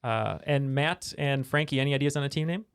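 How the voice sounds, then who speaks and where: A man co-hosts a trivia podcast in a relaxed, joking chat, peppering his talk with uhs. His voice sits at an ordinary middle pitch. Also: brisk, smooth. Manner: loose, joking, filler-heavy. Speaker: podcast co-host and scorekeeper. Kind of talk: casual chat.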